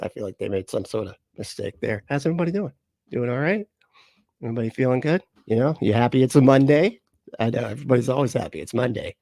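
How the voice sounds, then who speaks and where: A man's voice: on the low side, darkish tone, dry recording, clean studio sound. A man hosting a casual livestream. He swears a lot, laughs often and talks straight to his viewers. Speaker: host.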